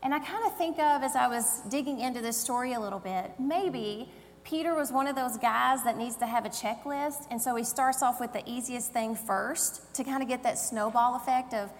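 A woman's voice: on the high side, normal speed. A woman preaching a conversational sermon in a church, telling the story with acted-out voices. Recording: long hall reverb, faint hum.

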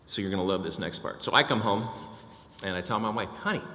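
A man's voice: fairly low pitch, fast talker, sharp tone, roomy sound, in a large hall. An older man giving a personal testimony to a church congregation, telling his story and acting out the dialogue.

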